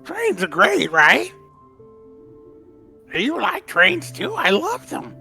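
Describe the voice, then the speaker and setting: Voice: mid-range voice, huge pitch swings, takes it slowly, gravelly, pushed and bright, faint music behind, full character voice. A streamer voicing an odd, dreamy train fan who rambles with childlike enthusiasm.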